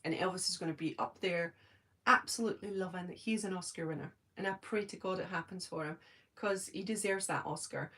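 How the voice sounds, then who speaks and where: A middle-aged Scottish woman hosting a fan live stream. She reads the chat and answers it, chatty and giggly, laughing at herself and filling pauses with lots of ums. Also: on the low side, pushed and bright. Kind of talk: casual live-stream chat, reading comments.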